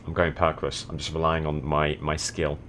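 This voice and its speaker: Young guy from the south of england, low voice, dry sarcastic stream chatter, faint hiss behind. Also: flat delivery, normal speed, a bit bright. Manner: dry, sardonic running commentary. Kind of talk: casual gaming stream chat.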